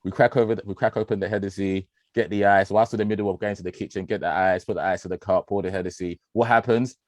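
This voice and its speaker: A man talks football on a podcast in a low, deep voice. He is animated and slangy, swears casually and laughs a lot. His voice is recorded close and dry, with no room sound. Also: fast talker, no echo. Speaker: podcast co-host, football fan.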